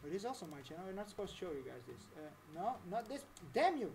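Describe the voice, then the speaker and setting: A chatty woman streams a relaxed tutorial at a middle pitch, rambling between topics. She often laughs at herself as she talks. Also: fast talker, slight background noise. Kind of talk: casual live-stream tutorial chat.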